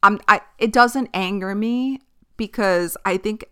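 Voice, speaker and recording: A woman's voice: mid-range voice, unhurried, sharp tone, clean tone. A young woman hosting a casual solo podcast, chatty and candid, swearing and laughing easily. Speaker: podcast host.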